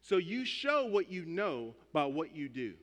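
A man's voice: a little high, very animated, unhurried, fairly bright tone. A man preaching a sermon as pastor, speaking emphatically and conversationally, repeating his key points. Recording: long hall reverb.

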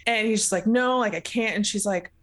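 A woman's voice: medium pitch, brisk. A woman in casual chat, animatedly retelling a book's plot, acting out the characters' lines and laughing often. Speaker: podcast co-host recapping a book.

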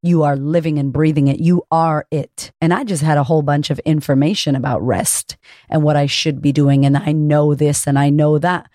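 A woman, a confidence coach hosting her own podcast, talking solo in a high-energy, chatty way and swearing casually. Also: steady tone, moderate pace, dark tone, dry recording, clean studio sound.

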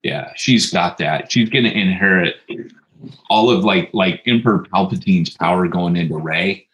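A man's voice: sits low, normal speed, roomy sound, slight background noise, low-quality recording. A man co-hosting a casual podcast chat, telling stories and acting out quotes with animation. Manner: animated storyteller, acts out quotes. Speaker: podcast co-host.

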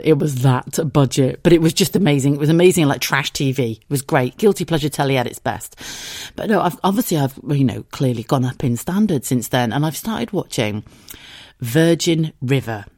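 A woman, hoarse from tonsillitis, hosting a casual solo podcast. She rambles, swears freely and laughs often. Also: deep voice, darkish tone, no echo, clean studio sound. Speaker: podcast host.

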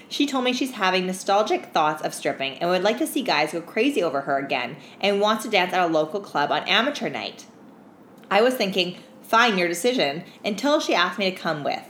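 Animated woman with a lively voice. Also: fairly low pitch, brisk. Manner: animated storyteller, swears freely, acts out customers' lines. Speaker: podcast co-host. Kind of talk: casual chat. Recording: echoey room with faint background hum.

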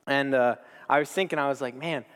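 A man's voice: medium pitch, fairly even intonation, quick pace, a bit bright, clean tone, big-room sound. A young man in his twenties giving a casual, enthusiastic church talk full of stories, slang and restarts. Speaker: speaker at a church gathering. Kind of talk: informal sermon with storytelling.

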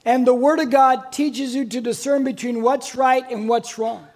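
A man with a strikingly high voice preaches to his church congregation. He keeps it conversational and playful, tossing questions out to the room and waiting for answers. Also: steady tone, normal speed, a little mellow. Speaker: pastor. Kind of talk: sermon.

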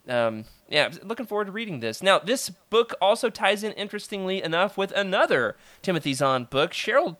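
Animated, bright-voiced male podcast host. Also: on the high side, no room sound. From American South. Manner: animated, jokey, laughs often. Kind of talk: casual book-discussion podcast.

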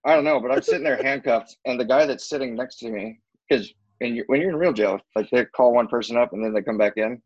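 Husky young man telling a wild story. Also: medium pitch, quick pace, hardly any pauses, no echo, dull audio. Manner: animated storyteller, acts out quotes, swears freely. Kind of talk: casual storytelling among friends.

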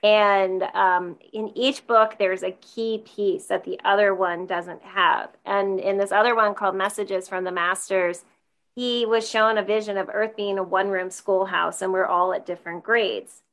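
A woman's voice: medium pitch, steady tone, measured pace, fairly bright tone. Woman podcast host, chatty and meandering interviewer. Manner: rambling, many fillers and restarts. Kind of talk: casual interview.

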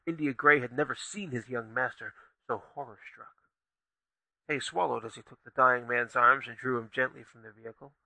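A man narrating a fantasy story in a steady, vivid audiobook reading. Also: mid-range voice, gravelly, no echo, rough recording.

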